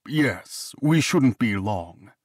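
A man voicing a male half-orc, eager and tender, speaking slowly and softly in an audiobook. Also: medium pitch, expressive, slightly rough, no echo, clean studio sound, full character voice.

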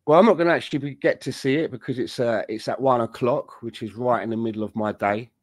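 A man co-hosting a podcast, talking in a middle-pitched voice with rambling, easygoing stories. His sound is dry and close, with no room around it. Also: fast talker, no room sound. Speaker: podcast co-host. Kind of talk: casual chat.

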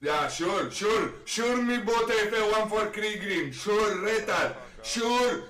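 A man in game voice chat, taunting teammates in broken English and yelling insults. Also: high-pitched, expressive, slow, few pauses, roomy sound. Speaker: online game troll.

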